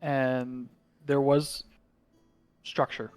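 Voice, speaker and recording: A man's voice: medium pitch, flat delivery, drawn-out words, darkish tone, soft background music. A man playing an earnest young male warlock who speaks solemnly for his people.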